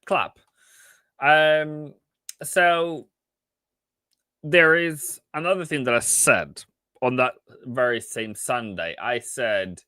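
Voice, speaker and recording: Bright-voiced trader talking slowly on a stream. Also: male voice, mid-range voice, smooth, no echo. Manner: animated, repeats himself, laughs often, apologetic asides. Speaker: trader presenting a live stream. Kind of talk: casual live-stream market talk.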